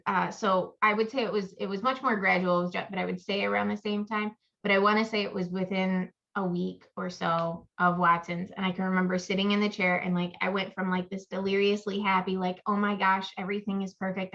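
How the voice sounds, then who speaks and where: A woman's voice: medium pitch, level tone, a little fast, vocal fry, few pauses, pushed and bright. A woman co-hosting a casual chat podcast, rambling through stories and acting out her own inner voice. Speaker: podcast co-host. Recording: muffled lo-fi audio.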